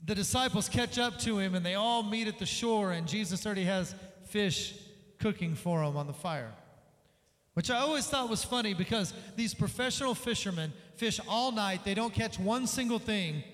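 A man preaching a sermon as pastor, energetic, acting out the voices in the story he tells. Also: high-pitched, moderate pace. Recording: long reverb of a large hall.

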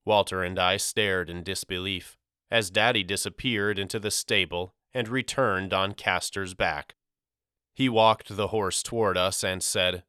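A man narrating an audiobook in a measured, deliberate storytelling manner. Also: sits low, sharp tone, clean tone, no echo, clean studio sound. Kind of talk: scripted narration.

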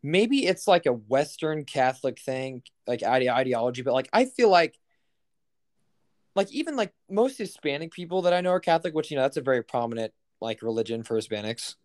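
A man's voice: medium pitch, expressive, brisk. Rambling, swearing young man. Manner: rambling, heavy on fillers and profanity. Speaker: podcast co-host. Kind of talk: casual chat.

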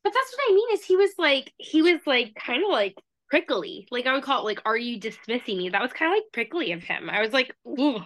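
A woman's voice: high voice, very animated, a little fast, few pauses, fairly bright tone. A woman co-hosting a casual book podcast, chatty, with many fillers and frequent laughs. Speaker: podcast co-host.

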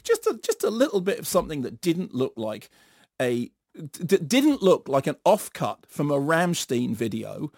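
A middle-aged man giving an animated, sardonic film review in a radio studio, acting out bits in silly voices. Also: on the high side, no room sound. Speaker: film critic.

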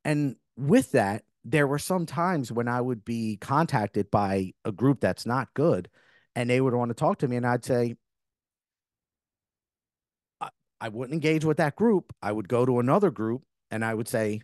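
A man's voice: mid-range voice, unhurried, no room sound, clean studio sound. Earnest rambling man hosting a spiritual podcast. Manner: earnest, rambling with frequent restarts. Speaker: podcast host.

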